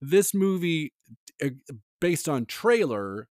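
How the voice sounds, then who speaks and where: A man co-hosting a casual pop-culture podcast, talking in an animated way with lots of fillers and frequent laughs. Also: on the high side, slow, dry recording, clean studio sound. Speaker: podcast co-host.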